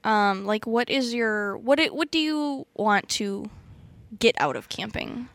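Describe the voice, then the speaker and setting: Lively, high-voiced woman from Western New York. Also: creaky, no room sound. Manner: giggly, animated, quick to laugh. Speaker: podcast co-host. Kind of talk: casual chat among friends.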